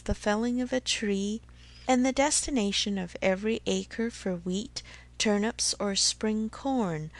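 A woman narrating a classic novel as an audiobook, measured and even. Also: mid-range voice.

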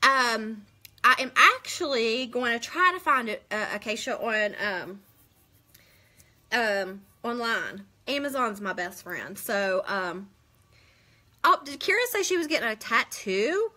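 A woman's voice: fairly high pitch, expressive, measured pace, pushed and bright. A woman, chatting casually on a live stream, rambling and answering viewers' comments. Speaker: beauty vlogger hosting a live stream.

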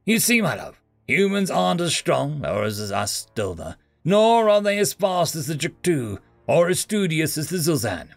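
A man's voice: fairly high pitch, very animated, moderate pace, gravelly, few pauses, no room sound, faint music behind, voice pushed up. A man voicing a proud, scheming female alien podmother who talks in a haughty, hissing way. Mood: knowing.

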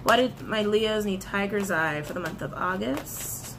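A woman reading tarot and crystal meanings, animated, repeating her phrases and breaking into excited outbursts. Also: mid-range voice, a little slow, background noise. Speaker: tarot reader.

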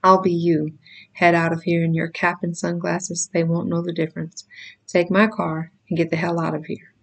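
A woman reading aloud voices a teenage boy urging his friend to swap places, in her own low, even voice. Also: normal speed, vocal fry. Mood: urgent.

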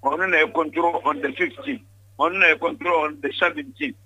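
Older Ghanaian man as interview guest: husky, bright, emphatic, repeats himself, dry close recording. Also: on the high side, steady tone, fairly quick, no echo, low-quality recording. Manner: emphatic, repeats words when pressed. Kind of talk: candid interview.

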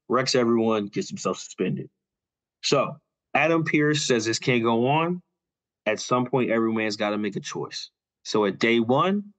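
A young man casually retelling a story on a podcast, loose and filler-heavy, dropping quick quoted lines as he goes. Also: medium pitch, a bit bright. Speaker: podcast co-host. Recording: dull lo-fi audio.

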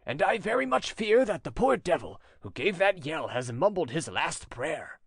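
Brief: a man reading as a level-headed companion, brisk and reassuring, lively high voice. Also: creaky, breathy edge, no room sound, clean studio sound, full character voice. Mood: wary.

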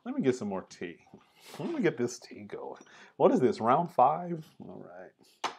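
A man's voice: medium pitch, huge pitch swings, unhurried, vocal fry, a little mellow, breathy edge. A man hosting a casual chat over tea, filling his talk with "like" and "right?". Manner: chatty, fills with "like" and "right?". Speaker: host.

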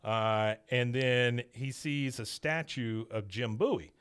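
A man hosting a podcast, giving a casual, animated scene-by-scene recap of an episode. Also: mid-range voice, slow pace, smooth. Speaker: podcast host.

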